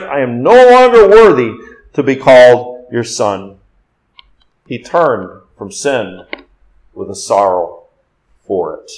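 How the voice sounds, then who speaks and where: A male pastor gives an expository sermon, his voice climbing and speeding up whenever he quotes scripture, then sinking low and slow to drive a point home. The audio quality is poor.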